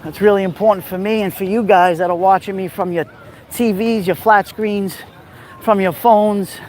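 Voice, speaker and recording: A man with a rough voice and a Brooklyn accent, chatting casually on a live stream as he walks outdoors along a beach. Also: high voice, fairly even intonation, moderate pace, slight background noise. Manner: chatty, gives shout-outs while walking.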